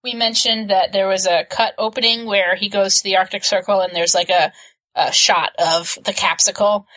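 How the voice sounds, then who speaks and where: Bright-voiced chatty woman podcaster. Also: mid-range voice, steady tone, normal speed, rough recording. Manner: chatty, laughs often, nerdy enthusiasm. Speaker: podcast co-host. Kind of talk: casual movie podcast chat.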